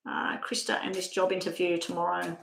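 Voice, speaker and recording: A woman's voice: lowish voice, completely flat delivery, brisk, creaky, fairly bright tone, roomy sound, slight background noise, poor audio. A woman giving a live tarot card reading, talking in a chatty, rambling way and breaking off mid-thought. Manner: chatty, rambling, self-interrupting. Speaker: tarot reader.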